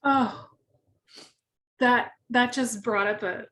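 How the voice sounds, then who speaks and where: A woman's voice: fairly high pitch, steady tone, slow pace, fairly bright tone. A woman hosting an interview, talking earnestly and telling personal stories with plenty of fillers. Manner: earnest, relatable storytelling with many fillers. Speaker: host. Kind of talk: conversational interview.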